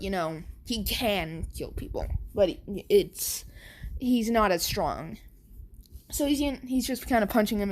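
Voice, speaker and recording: A woman's voice: medium pitch, a little mellow. A woman casually telling a made-up story, rambling and correcting herself as she goes. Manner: rambling, full of fillers and self-corrections.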